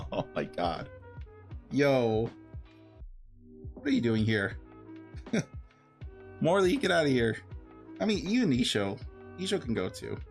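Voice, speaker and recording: Male streamer at a middle pitch, rambly and excitable with frequent laughs, soft music playing underneath. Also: takes it slowly, long pauses. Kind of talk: casual livestream chat while opening cards.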